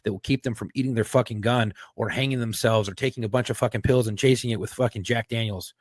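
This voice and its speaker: Guy co-host, earnest and sweary, mid pitch, dry close mic. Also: steady tone, quick pace, no room sound. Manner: earnest, profane, repeats himself. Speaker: podcast co-host. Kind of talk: casual podcast chat and outro.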